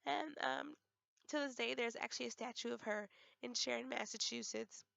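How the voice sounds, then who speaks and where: A young woman gives a class presentation in a hoarse, heavily gravelly voice pitched a little high. She speaks haltingly, with frequent fillers and restarts as her voice gives out. The recording is dull and very dry. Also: a bit bright, no room sound. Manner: hesitant, many fillers and restarts. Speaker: student presenter.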